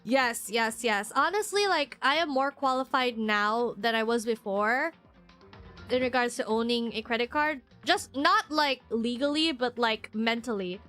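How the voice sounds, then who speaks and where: A woman's voice: a little high, measured pace, a bit bright, soft background music. A woman streamer in casual live-stream chat, rambling and chatty with lots of fillers and frequent laughs.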